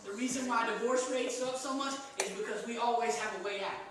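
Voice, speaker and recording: A man preaching a sermon, calling out "amen" to the congregation between lines and building up to shouts. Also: very high-pitched, fast talker, noisy background. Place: church sanctuary. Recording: echoey sanctuary, distant mic. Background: congregation responding.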